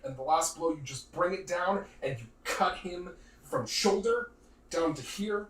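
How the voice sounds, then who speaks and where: Lively, bright-voiced game master. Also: male voice, high-pitched, unhurried. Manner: lively, casual, uses "like" fillers. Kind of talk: narrating a tabletop game. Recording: roomy, distant mic, faint noise.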